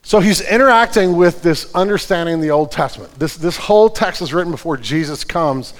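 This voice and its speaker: A man with a high-pitched voice delivers a sermon with earnest conviction. He moves between fervent prayer and quiet, careful explanation. The sound carries the long reverb of a church hall. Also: lively intonation, brisk. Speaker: pastor.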